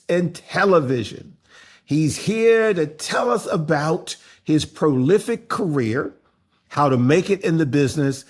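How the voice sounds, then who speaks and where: A man hosting a podcast interview, flamboyant and playful, with exclamations and teasing asides. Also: fairly high pitch. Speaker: podcast host.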